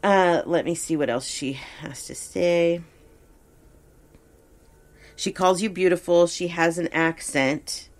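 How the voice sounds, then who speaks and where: A female psychic who hosts a podcast does a casual reading in a deep-ish voice. She sounds easygoing and relaxed but halting and hesitant, with many fillers.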